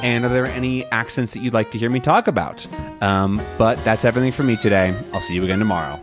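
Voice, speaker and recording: A man teaching English learners in a relaxed, rambling monologue, thinking aloud with many fillers and restarts. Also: medium pitch, quick pace, over music.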